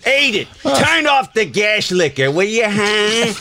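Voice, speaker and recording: A man voicing a gruff, bigoted older sitcom dad, grumbling and scolding in a blustery way. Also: high-pitched, very animated, slow, noisy background, pitched above the performer's own voice, heavily acted.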